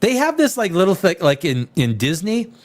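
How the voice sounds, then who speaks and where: A man hosting a live stream, ranting casually with profanity, jumping between loud outbursts and low mutters. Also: very animated, moderate pace. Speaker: live show host.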